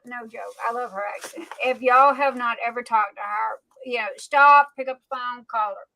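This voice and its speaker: Slow-talking high-voiced woman. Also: pushed and bright, low-quality recording. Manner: chatty, affectionate, folksy Southern phrasing. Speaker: livestream host. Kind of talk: casual livestream chat.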